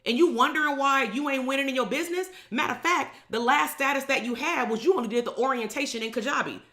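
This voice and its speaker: A woman's voice: sits high, quick pace, sharp tone. A woman, talking bluntly and emphatically as a business coach on a live stream. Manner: blunt, emphatic, swears freely.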